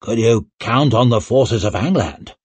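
A man voicing an eager, flattering male nobleman caught up in a plot. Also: medium pitch, unhurried, slightly rough, dry recording.

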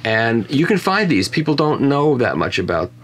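A man chats casually while reviewing vinyl records, telling stories, restarting often, and making self-mocking jokes. His voice is medium-pitched and a bit bright, with big pitch swings at a normal speed.

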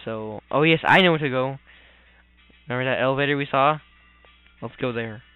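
A man's voice: mid-range voice, a little fast, smooth. A man giving goofy, rambling commentary while playing a video game. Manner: goofy, rambling, mutters complaints. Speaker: let's player. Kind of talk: casual gameplay commentary. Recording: tinny lo-fi with faint game music.

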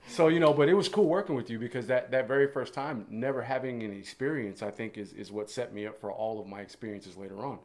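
A man's voice: medium pitch, fast, darkish tone. A man chatting as a podcast guest, laid-back and full of easy fillers. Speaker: guest, musician and actor. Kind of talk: casual chat.

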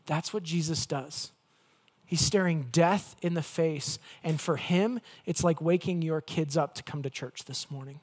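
A male pastor preaching a conversational sermon with playful asides, swinging between loud emphasis and hushed, gentle lines. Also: fairly high pitch, fairly even intonation, moderate pace.

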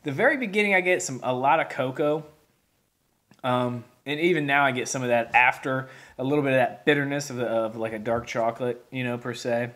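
A man's voice: medium pitch, fairly quick, a bit bright. A man reviewing a beer on camera in a rambling, folksy way, with lots of fillers and restarts. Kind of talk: casual video review.

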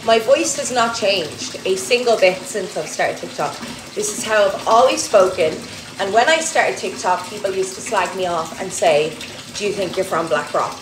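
A young Irish TikTok creator with a Louth and Dublin accent chats casually to her followers, rambling and saying "like" a lot. Her mid-range voice is animated at a moderate pace. The room is echoey, with clear background noise.

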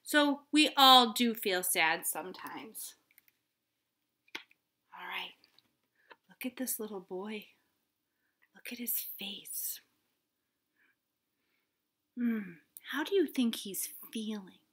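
A woman gently teaches preschoolers about feelings, patiently coaxing them with questions. She often drops into a soft whisper and returns with gentle emphasis, her medium-pitched voice expressive, slow, and marked by long pauses.

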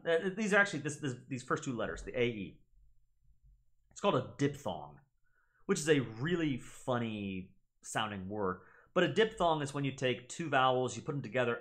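A man of middling pitch who teaches in a casual, chatty way, his voice swinging up and down with energy. He hosts a gaming channel and repeats words slowly to demonstrate how they sound. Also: a bit bright. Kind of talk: casual explanatory lesson.

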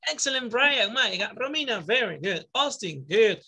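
A woman's voice: on the high side, expressive, normal speed, sharp tone, slightly rough. A woman English teacher from Peru with a Peruvian Spanish accent, leading an online class for young children with upbeat praise and word drills. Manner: upbeat, praising, counting students in and drilling words. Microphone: video call.

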